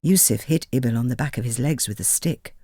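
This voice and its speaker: A man reading a children's storybook aloud in a gentle, expressive manner. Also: mid-range voice, fairly quick, no echo, studio quality. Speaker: narrator. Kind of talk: storybook narration.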